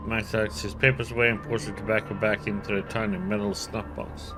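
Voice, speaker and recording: A man's voice: on the low side, little pitch movement, a little fast, hardly any pauses, pushed and bright, soft background music. A man playing a role-playing game and reading its text and dialogue aloud in a casual way. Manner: reads out all the characters in a light, casual way. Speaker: let's play streamer.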